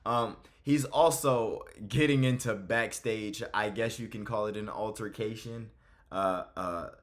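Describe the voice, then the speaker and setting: A man's voice: on the low side, unhurried. A man hosting casual reaction commentary, blunt and exasperated, cursing freely. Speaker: MMA commentary host.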